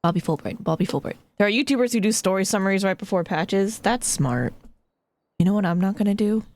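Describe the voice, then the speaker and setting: A woman's voice: medium pitch, brisk, darkish tone. A woman streamer chatting casually as she plays, joking at herself and swearing now and then. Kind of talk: casual live-stream chat. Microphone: streaming mic.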